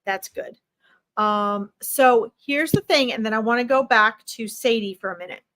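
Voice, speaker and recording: Earnest woman doing a pet reading on a stream, slightly high voice, keeps repeating herself. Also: normal speed, fairly bright tone. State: tearing up. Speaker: animal communicator.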